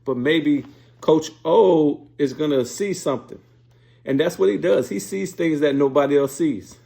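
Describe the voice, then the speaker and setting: A man's voice: fairly high pitch, measured pace, vocal fry, dark tone. Fired-up profane sports show host, man. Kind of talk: casual opinion commentary.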